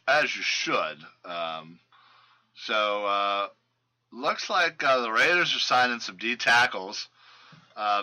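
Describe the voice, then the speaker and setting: A man talks loosely through football injury and roster news. His voice is very bright and forward. He stumbles and restarts often, filling gaps with ums and uhs. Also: fairly low pitch, rough recording. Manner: loose and rambling, many fillers and restarts. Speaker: fantasy football podcast host. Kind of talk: casual sports news chat.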